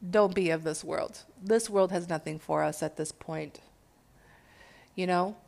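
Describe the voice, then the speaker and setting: A woman's voice: lowish voice, a little slow, vocal fry, darkish tone. A woman giving a casual spiritual talk to her followers, urging and swearing freely as she speaks. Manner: profane, exhortative, laughs at own words.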